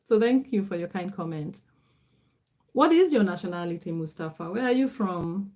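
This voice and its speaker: A woman's voice: fairly low pitch, lively intonation, moderate pace, a little mellow. A middle-aged woman with a Kenyan accent, hosting a casual livestream and reading out viewer comments, greeting people by name. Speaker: livestream host.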